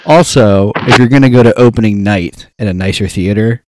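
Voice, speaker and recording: A young man chatting casually with friends, telling an animated story and acting out the quotes. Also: fairly low pitch, brisk, background noise. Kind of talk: casual chat.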